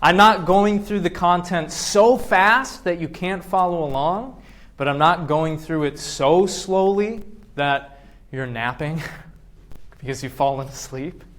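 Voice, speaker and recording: A male professor giving a classroom lecture, firing quick questions at his students and acting out voices to make his points. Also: a little high, fairly bright tone. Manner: acts out voices to demonstrate points.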